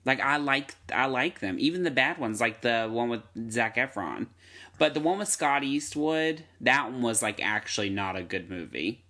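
A chatty man, co-hosting a podcast. His voice is bright and forward. He talks animated and loose into a close studio microphone. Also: medium pitch, moderate pace. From North Carolina. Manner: chatty, animated, jumps to playful impressions. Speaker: podcast co-host. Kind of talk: casual chat. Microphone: studio microphone with headphones.

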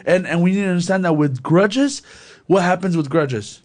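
Young male co-host, slightly high voice, rambling faith talk with stammers. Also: normal speed. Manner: rambling, many restarts and stammers. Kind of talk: casual faith chat.

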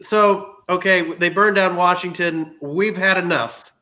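A man guest on a casual podcast, retelling war history in an animated, jokey way. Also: sits high, unhurried.

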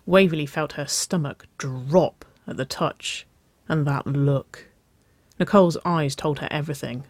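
A narrator reading a romance story aloud in a soft, unhurried way. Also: medium pitch, no echo.

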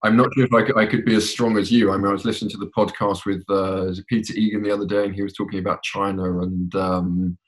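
A man's voice: low-pitched, level tone, quick pace, few pauses. A man from England, a podcast guest, chatting casually and hesitantly with many repeated words. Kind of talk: casual chat.

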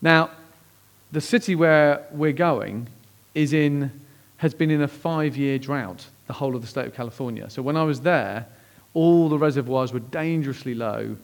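A man preaching a sermon, telling a personal story with lively swings between hushed, slow moments and excited outbursts. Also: gravelly. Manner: animated, acts out quoted voices with big pitch jumps; drops to hushed, slow tones at emotional moments. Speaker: pastor.

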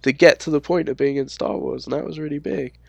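A North London man talks loosely and candidly as a podcast guest, with a gravelly edge to his voice. He swears freely and drifts into quick asides, and the sound is close and dry with no room in it. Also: fairly high pitch, fairly even intonation, darkish tone, dry recording. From England. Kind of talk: casual podcast chat.

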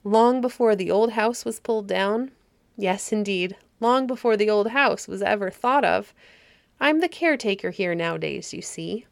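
A woman reading the part of a cheerful, kindly old caretaker woman in a fairy story, in a gentle, homely way. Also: medium pitch, normal speed, creaky, dry recording, close to an everyday voice.

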